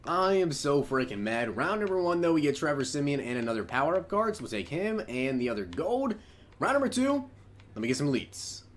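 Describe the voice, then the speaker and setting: Animated young man narrating pack openings. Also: on the high side, fairly quick, slight background noise. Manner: animated, shouts with excitement at big pulls. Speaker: gaming YouTuber opening packs. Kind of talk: excited gaming commentary.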